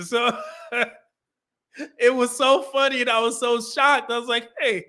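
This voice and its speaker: A man's voice: very high voice, slow. A middle-aged man hosting a casual livestream, telling stories with frequent laughter and acting out quoted lines. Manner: animated storyteller, acts out quoted lines. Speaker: podcast host.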